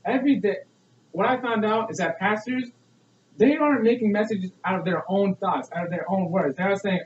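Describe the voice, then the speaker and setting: A man's voice: high-pitched, a little fast, a little hiss or hum. A young man giving an earnest, preachy persuasive speech full of rhetorical questions. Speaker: student speaker. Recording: echoey, distant, dull lo-fi.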